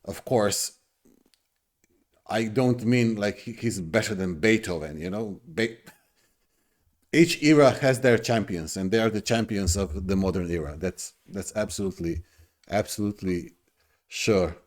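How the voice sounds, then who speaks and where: A man's voice: fairly low pitch, a little slow, a little mellow. A middle-aged man hosting a reaction video, talking casually in an effusive, rambling way with many restarts.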